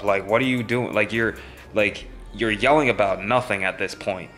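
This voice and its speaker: A man's voice: on the low side, steady tone, unhurried, sharp tone, faint music behind. A young man vlogging, telling a story in a rambling, casual way with many fillers.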